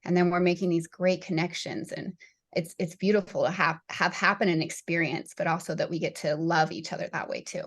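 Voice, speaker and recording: A woman's voice: on the low side, flat delivery, fairly quick. A woman guest on a podcast, talking reflectively with lots of fillers. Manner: reflective, heavy use of fillers. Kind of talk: casual conversation.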